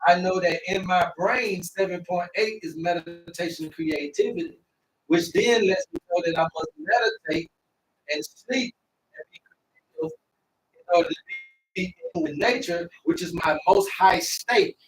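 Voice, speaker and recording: A man with a high voice lectures his live-stream audience, preachy and repetitive, slowing right down to hammer his points home. He sits a little back from the mic, and faint noise hums underneath. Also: animated, far from the mic, poor audio. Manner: preachy and repetitive, drawing out words slowly for emphasis. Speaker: herbalist host of a live stream.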